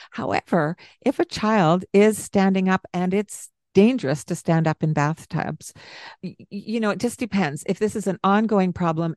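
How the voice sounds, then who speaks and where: Calm low-voiced woman giving parenting advice. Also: no echo, studio quality. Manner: calm, gentle, explains with acted examples. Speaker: parenting podcast co-host. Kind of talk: casual podcast advice.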